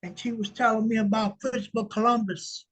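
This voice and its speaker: An older man in a reading group call, telling a story in a halting way with many repeated words. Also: high-pitched, steady tone, a bit bright, poor audio. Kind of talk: casual storytelling in group discussion.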